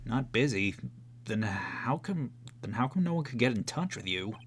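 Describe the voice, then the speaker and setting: A man voicing a pompous, evasive old male lawyer with a gruff, drawling manner. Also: mid-range voice, animated, moderate pace, a little hiss or hum, close to an everyday voice.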